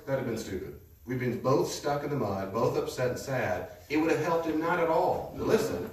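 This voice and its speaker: A man teaching a class in a conversational way, telling stories with a lively manner to a live audience. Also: medium pitch, moderate pace, few pauses. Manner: lively storytelling, lecturing. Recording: echoey room, distant mic, faint noise.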